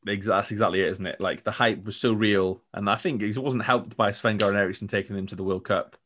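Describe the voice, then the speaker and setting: Male podcast co-host, low-pitched, easygoing banter with a joking streak. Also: steady tone, quick pace, fairly bright tone. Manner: jokey, laughs often, acts out quotes. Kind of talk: casual football podcast chat.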